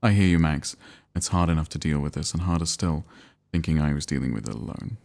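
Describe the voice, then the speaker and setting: A man's voice: extremely low pitch, fairly quick, creaky, darkish tone. A man reading as a frazzled young friend. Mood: anxious. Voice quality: casual, frazzled phrasing. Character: anxious young man, friend, rattled and restless.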